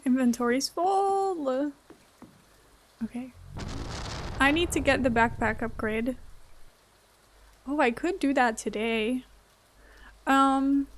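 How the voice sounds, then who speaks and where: Giggly high-voiced woman streamer. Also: slow pace, long pauses. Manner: giggly, chatty, answering chat. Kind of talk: casual gameplay chat.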